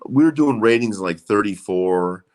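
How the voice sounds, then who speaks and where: Brief: man in his 40s, slightly low voice, rambling and profane interview guest. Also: lively intonation, unhurried, a little mellow. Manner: rambling, swears freely, many fillers. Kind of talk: casual interview chat.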